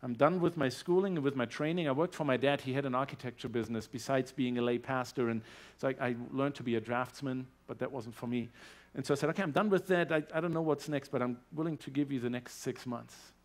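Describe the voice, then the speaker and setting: A man with a German accent giving a personal testimony in a church service, earnest and growing animated as his story builds. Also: medium pitch, quick pace, few pauses. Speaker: guest speaker sharing his testimony.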